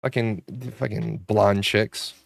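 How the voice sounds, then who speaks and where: A man's voice: fairly low pitch, fairly even intonation, slow pace, vocal fry, no echo, studio quality. A man hosting a livestream, telling a rambling, profane story with many restarts. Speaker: host. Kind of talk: casual livestream chat.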